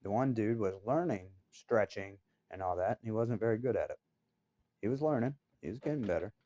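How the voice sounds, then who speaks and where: Blunt, profane man with a low voice. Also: animated, a little fast, warm tone, no room sound, highs cut off. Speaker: carpet installer telling a work story. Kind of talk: casual storytelling.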